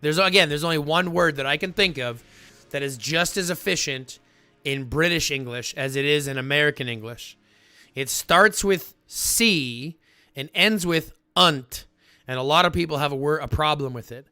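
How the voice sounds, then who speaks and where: A man hosting a livestream, chatting casually with viewers in a rambling, animated way full of fillers. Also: a little high, normal speed, no echo, faint music behind. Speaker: livestream host.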